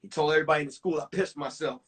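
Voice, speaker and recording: A man in his forties, a comedian telling crude, animated stories about his school days on a phone livestream. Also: on the high side, racing, slightly rough. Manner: animated, profane storytelling with acted-out voices. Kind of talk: stand-up storytelling on a livestream.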